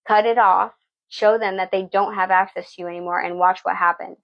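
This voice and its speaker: A woman's voice: medium pitch, fairly even intonation, fairly quick, vocal fry, muffled recording. A woman giving a tarot reading, blunt and preachy, swearing freely and asking "okay?" again and again. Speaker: tarot reader. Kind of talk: live tarot reading talk.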